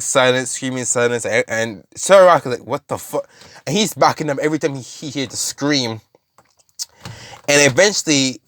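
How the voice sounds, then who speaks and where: A man's voice: medium pitch, fairly bright tone, dry recording, clean studio sound. Rambling man telling a story. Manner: rambling, many fillers and restarts. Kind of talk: casual storytelling.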